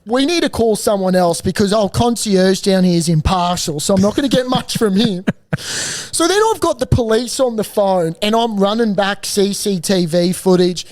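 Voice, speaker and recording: A man co-hosting a podcast, telling a long story in a lively, laughing, sweary way. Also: high voice, moderate pace. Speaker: podcast co-host. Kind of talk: casual storytelling chat.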